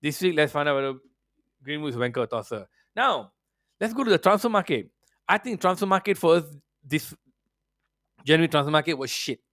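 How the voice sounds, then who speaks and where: A man's voice: fairly high pitch, expressive, fairly quick, pauses often, fairly bright tone, no echo, studio quality. A man hosting a football podcast, ranting brashly and profanely in casual opinionated chat, slipping into mocking voices.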